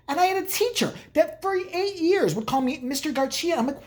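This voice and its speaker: A man's voice: very high voice, lively intonation, fast talker, hardly any pauses, darkish tone. A man in his thirties telling rambling, profane, jokey stories in a casual monologue. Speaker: vlogger.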